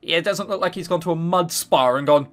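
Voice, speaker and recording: A man hosting a let's-play, reading a visual novel aloud and reacting in an excitable, chatty way. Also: fairly high pitch, a little fast. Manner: excitable, chatty, swears in surprise.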